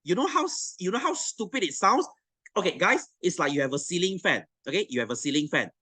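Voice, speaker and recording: A young man with a Malaysian English accent, tutoring science in a blunt, animated, teasing way, with plenty of swearing. His voice sits a little high for a man, and it is recorded close and dry, with no room sound. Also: a little fast, breathy edge, dry recording. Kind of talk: online class rant to students.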